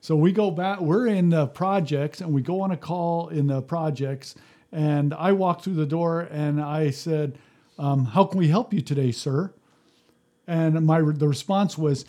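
Man, slightly high, mellow tone; casual storyteller, restarts a lot. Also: measured pace. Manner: storytelling, acts out quotes, frequent restarts. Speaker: former fire captain. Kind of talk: casual podcast conversation.

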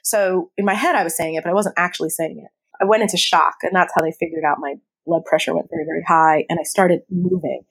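A woman guest telling a personal story in an interview, candid and animated, laughing often. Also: lowish voice, fast talker, slightly rough.

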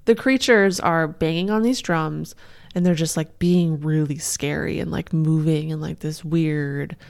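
Casting note: woman podcast co-host, low gravelly voice, jokey storyteller. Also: fairly even intonation, measured pace, darkish tone. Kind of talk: casual storytelling chat.

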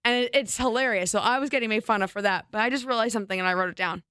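A woman from New Jersey, a co-host with a faint New Jersey accent, teases and jokes in quick asides during a relaxed chat. Her voice sits a little high and sounds smooth and clean, recorded dry and close with no room around it. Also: no room sound. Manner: teasing, jokey, quick interjections. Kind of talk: casual chat.

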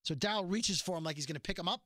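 A man's voice: sits high, dry recording, studio quality. A man casually recapping a TV episode, animatedly acting out the quoted lines. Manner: animated retelling with quick quoted voices. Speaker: podcast host recapping a TV episode. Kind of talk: casual chat.

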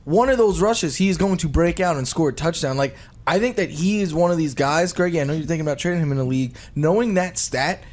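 A man's voice: fairly high pitch, fast, a little mellow. A man with a somewhat raised voice talks through his football analysis. He builds his points step by step in long runs. The tone stays easy and conversational. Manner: thinks aloud in long, reasoned runs. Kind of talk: casual sports chat.

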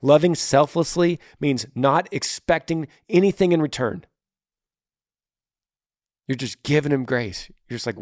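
A man hosting a podcast, reading listener mail and giving earnest relationship advice, slowing down to stress key points. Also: fairly high pitch, lively intonation, a little mellow, no echo, clean studio sound. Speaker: podcast host.

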